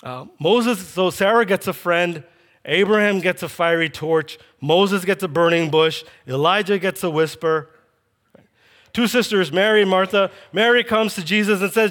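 High-voiced man preaching a lively sermon. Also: normal speed. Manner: animated storytelling, reading scripture and acting out quoted lines.

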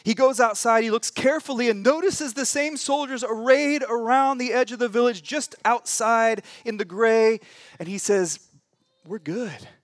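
A man preaching a sermon in a church, telling a scripture story with humorous asides and big swings between loud and hushed delivery. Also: normal speed, dry recording. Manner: dramatic storytelling with wide swings in pitch and volume. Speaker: pastor.

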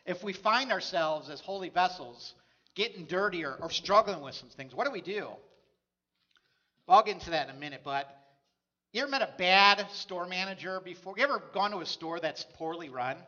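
A man's voice: high-pitched, animated, brisk, pushed and bright, lo-fi sound. A man preaching a sermon as a pastor, telling stories in a conversational way.

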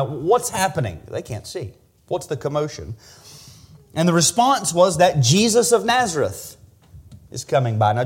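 A man's voice: fairly high pitch, slightly rough. A man preaching an expository sermon as pastor, earnest and teaching verse by verse, often repeating a word as he restarts.

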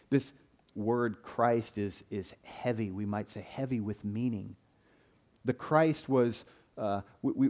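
A man's voice: medium pitch, darkish tone. A man preaching a sermon in an earnest way, often repeating a word as he starts a phrase.

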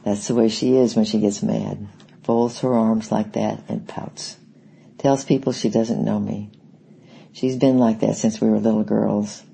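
A man reading the part of a weak, gentle young woman prisoner who speaks softly and kindly. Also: lowish voice, unhurried, gravelly, husky, heavily acted, rough recording. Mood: fond. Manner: soft, kind, flat.

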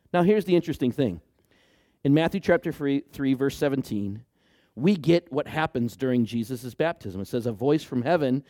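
A man preaching a sermon as pastor, animated, joking with the congregation and dropping to a hushed, soft voice for emphasis. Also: fairly high pitch, no echo, studio quality. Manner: playful asides and jokes to the congregation.

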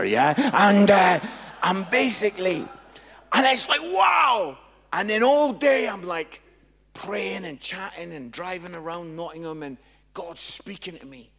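A Scottish man, a Christian comedian, telling a humorous testimony in an animated, jokey storytelling way. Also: on the high side, vocal fry, long reverb tail. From Scotland.

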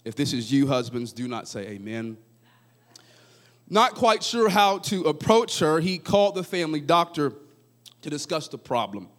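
A man in his thirties preaching a sermon, moving between hushed asides and rising, fervent prayer as he tells stories. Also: fairly high pitch, very animated, moderate pace. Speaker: pastor.

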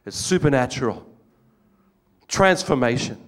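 A man's voice: medium pitch, measured pace. An older man with an Australian accent preaching a sermon, telling stories with jokes and acting out the voices of people in them. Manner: animated storytelling with jokes, acts out quoted voices.

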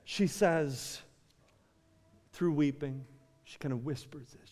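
A man's voice: a little high, takes it slowly, long pauses, darkish tone. A man preaching a sermon to his church, building to fervent peaks and calling out to the congregation. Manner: rising to fervent climaxes, addresses the church directly. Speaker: pastor. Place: church sanctuary. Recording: long hall reverb.

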